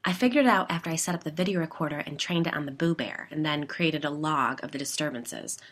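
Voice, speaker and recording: A woman reading a story, voicing an excitable amateur cryptid-hunting woman neighbor who talks eagerly and a little conspiratorially, speeding up as she explains. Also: deep voice, fast. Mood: matter-of-fact.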